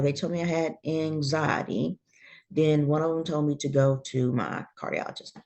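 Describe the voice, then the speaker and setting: Low gravelly woman telling her story. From Georgia, USA. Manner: animated storyteller who acts out quoted voices. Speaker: guest. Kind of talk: casual storytelling interview.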